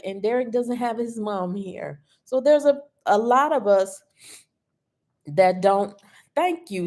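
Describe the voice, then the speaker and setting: A woman host chatting casually on a livestream, emotional and tearful, often laughing softly. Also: mid-range voice. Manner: slow, emotional and personal, with frequent laughs. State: tearful, grieving.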